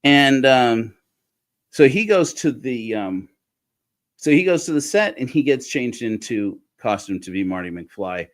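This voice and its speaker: A man's voice: mid-range voice, lively intonation, a little slow. A man telling a story in a loose, casual way, often restarting and correcting himself. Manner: rambling, frequent restarts and self-corrections. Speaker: speaker giving a talk.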